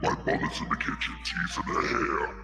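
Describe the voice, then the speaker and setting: A man putting on a creepy, leering demonic bedroom voice, slow and full of innuendo, with a deep gravelly croak. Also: music in the background, close to an everyday voice. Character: sleazy growling male demon seducer.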